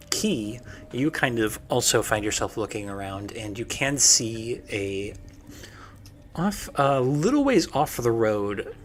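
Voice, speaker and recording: Man, game master, slow narration, filler ums, mid pitch. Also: fairly bright tone, a little hiss or hum. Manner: unhurried, many filler ums.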